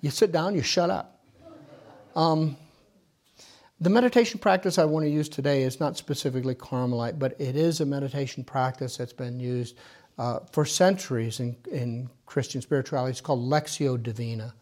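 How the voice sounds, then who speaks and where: A man leading a small group through a guided prayer meditation, speaking gently and instructively and at times dropping to a near whisper. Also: mid-range voice, fairly quick. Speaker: meditation leader.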